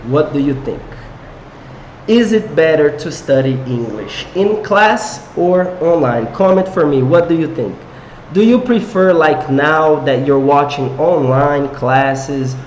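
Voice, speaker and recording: A man's voice: a little high, a little mellow, dull audio. A young man with a Brazilian Portuguese accent, a Portuguese native speaker, teaching an online English lesson and asking viewers questions. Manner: engaging, asks viewers questions and reads comments aloud. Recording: echoey room with faint noise.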